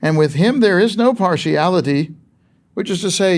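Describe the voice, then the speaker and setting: A man's voice: sits high, expressive, moderate pace. A man preaching a sermon in a conversational, emphatic way, asking rhetorical questions of his listeners.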